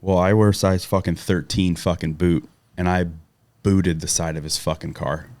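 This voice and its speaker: A middle-aged man from Southern California casually telling a profane story as a podcast guest, acting out quotes loudly. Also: low voice, fairly even intonation, moderate pace.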